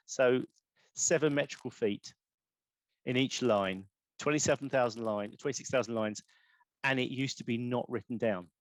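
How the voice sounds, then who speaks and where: A man's voice: mid-range voice, no echo. Chatty man explaining poetry forms. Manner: rambling, self-correcting, chatty explainer. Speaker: poet in residence giving an online talk. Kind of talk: informal talk on poetry forms.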